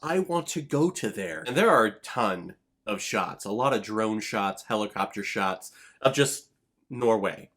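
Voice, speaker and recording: A man hosting a movie review channel, talking casually with sarcastic asides. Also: on the low side. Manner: lively, quick conversational delivery. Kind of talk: casual film review commentary.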